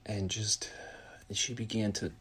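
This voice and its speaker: A grieving man giving a heartfelt personal account, halting and full of restarts, sometimes dropping to a soft whisper. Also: on the low side, steady tone, slight background noise. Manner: halting, with many pauses and restarts; drops to a soft whisper at times. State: grieving, voice heavy with emotion.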